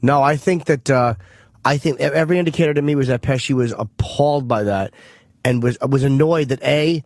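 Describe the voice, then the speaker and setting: A man's voice: medium pitch, brisk, dry recording, clean studio sound. A male radio co-host in casual talk, blunt and argumentative. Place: radio studio. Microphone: studio microphone.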